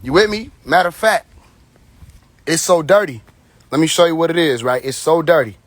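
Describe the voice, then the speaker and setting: Slightly high-voiced and at a moderate pace, a livestream host talks into his phone in a dry recording with no room sound. He rambles bluntly through a long, tipsy monologue laced with profanity.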